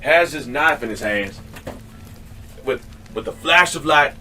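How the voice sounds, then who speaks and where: A man's voice: medium pitch, lively intonation, a little slow, pushed and bright, far from the mic, faint music behind. A man casually telling a comedic story, rambling with restarts and mild swearing.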